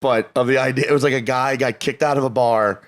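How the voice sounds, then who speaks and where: A man's voice: mid-range voice, fast talker. A man from Louisiana, a comedian guest on a podcast, telling stories casually with acted-out voices and swearing. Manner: animated storyteller, acts out voices, profane.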